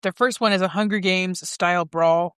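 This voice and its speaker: A woman hosting a podcast, recapping a book's plot in a deadpan way and often breaking into giggles. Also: lowish voice, normal speed, clear, resonant tone, no echo, clean studio sound. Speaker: podcast host summarizing a book. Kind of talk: casual chat.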